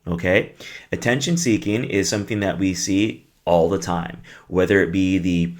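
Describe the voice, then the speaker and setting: A man's voice: low voice, fairly even intonation, normal speed. A middle-aged man, a behavior analyst, giving a conversational parenting lesson and acting out short dialogues. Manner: conversational, acts out little dialogues.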